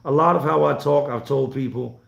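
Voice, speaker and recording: A man's voice: mid-range voice, steady tone, fairly quick, vocal fry. Blunt, roomy-sounding man from North Carolina. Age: 40s. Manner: blunt and profane, loose rambling delivery. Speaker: vlogger hosting a live stream. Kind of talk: casual live-stream chat, reading viewer comments. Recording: roomy echo.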